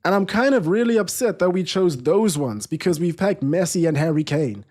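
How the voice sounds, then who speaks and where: A man's voice: high-pitched, animated, moderate pace, a little mellow. A man hosting a live football watchalong stream, chatting casually, restarting sentences and reading viewer comments aloud.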